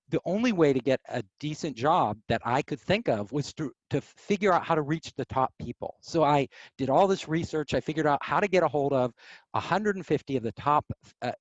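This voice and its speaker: A man telling stories as an interview guest, animated, acting out quoted voices. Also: fairly high pitch, no room sound, muffled recording. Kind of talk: casual storytelling.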